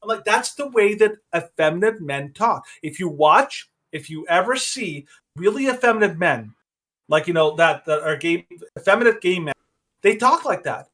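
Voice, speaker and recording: A man's voice: high-pitched, expressive, normal speed, fairly bright tone. A man co-hosting a podcast, giving opinionated casual commentary that rambles with many restarts. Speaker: podcast co-host.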